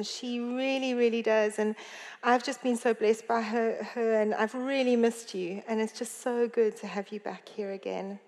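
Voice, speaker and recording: High-voiced woman preaching in a reverberant hall. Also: darkish tone. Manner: chatty storytelling, self-correcting. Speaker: pastor. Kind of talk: sermon. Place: church hall.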